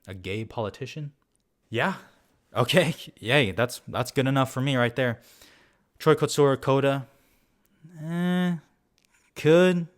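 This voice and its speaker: A young man giving a casual, animated rundown of his film award predictions, swearing now and then and joking at his own expense. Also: medium pitch. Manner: casual, animated, swears, self-mocking asides. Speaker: film vlogger.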